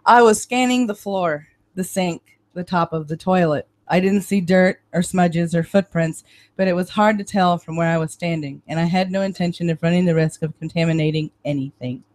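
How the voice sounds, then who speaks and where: A woman hosting a live stream, reading a novel aloud in steady, measured first-person narration. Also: on the low side. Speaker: reader and stream host.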